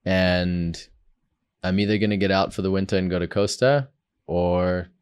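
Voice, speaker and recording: A man's voice: low voice, fairly even intonation, moderate pace, smooth. A man from South Africa talking as a podcast guest, earnest and reflective, often leaning on "like" and restarting his sentences. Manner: earnest and reflective, many "like" fillers. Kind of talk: casual conversation.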